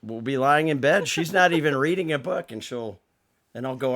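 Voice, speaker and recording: A man's voice: medium pitch, expressive, moderate pace, fairly bright tone. A man co-hosting a podcast, dropping dry wisecracks in casual chat. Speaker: podcast co-host.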